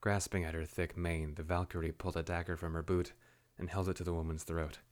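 A man narrating a fantasy story in a steady, measured way. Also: sits low.

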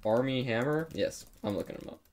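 A man's voice: mid-range voice, fairly quick, darkish tone. A young man co-hosting a podcast, chatting casually, rambling with lots of fillers, frequent laughs and casual swearing. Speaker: podcast co-host. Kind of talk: casual chat.

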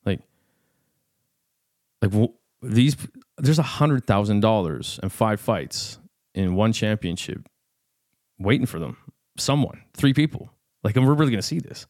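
A man hosting a podcast, giving rambling, joking shout-outs full of fillers and restarts. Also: lowish voice, lively intonation, measured pace, pauses often, no echo, clean studio sound. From Canada. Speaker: podcast host.

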